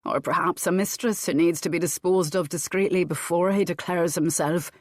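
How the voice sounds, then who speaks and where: A woman's voice: on the low side, fairly even intonation, normal speed, no echo, close to an everyday voice. A woman voicing a teasing Border laird. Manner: dry, teasing, softly wooing. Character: bold teasing male Scottish border laird. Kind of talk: audiobook character reading.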